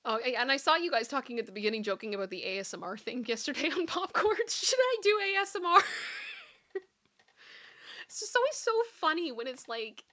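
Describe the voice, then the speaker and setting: A woman's voice: on the high side, sing-song, brisk, long pauses, sharp tone. A woman hosting a live commentary chat, chatty and giggly, often repeating her phrases. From Canada. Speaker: commentary show host.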